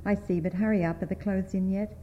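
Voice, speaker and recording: A woman reading aloud, voicing a harsh, suspicious tall old male farmer who gives curt, gruff commands. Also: mid-range voice, fairly even intonation, brisk, mellow, lo-fi sound, a little hiss or hum, lightly acted. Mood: impatient.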